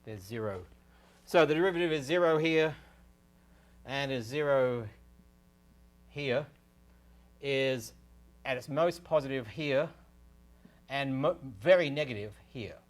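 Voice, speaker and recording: A man's voice: mid-range voice, slow, long pauses. Man giving a technical lecture. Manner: explanatory, thinking aloud with fillers and restarts. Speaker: research scientist giving a technical talk. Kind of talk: university lecture. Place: lecture room.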